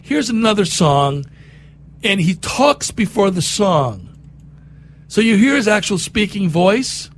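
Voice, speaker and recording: A man's voice: high-pitched, very animated, slow, a little hiss or hum. A man hosting a talk show, chatting with sarcastic, mocking humor and frequent laughs. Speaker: radio host. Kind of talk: casual chat commentary.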